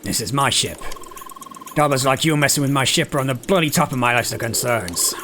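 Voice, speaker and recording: A man voicing a gruff, angry ship captain who blusters and scolds. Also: medium pitch, animated, fairly quick, pushed and bright, slight background noise. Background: game music.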